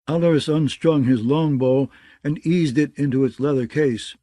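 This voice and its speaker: A man narrating a fantasy audiobook in a steady, even reading style. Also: medium pitch, moderate pace, dry recording.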